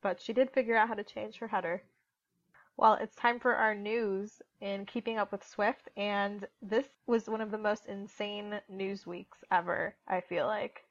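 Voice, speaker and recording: A woman's voice: medium pitch, fairly even intonation, a little slow. Chatty woman co-host, dull lo-fi sound. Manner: chatty, recounts scenes with "she's like". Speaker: podcast co-host. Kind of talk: casual fan podcast chat. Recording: dull lo-fi audio.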